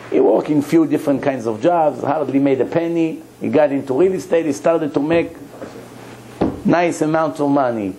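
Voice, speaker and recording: Rabbi guy telling a story, acts out the other guy, laughs a lot, mellow voice, bit of hiss behind. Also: medium pitch, poor audio. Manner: animated, acts out both sides of a dialogue; laughs between lines. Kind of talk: storytelling sermon.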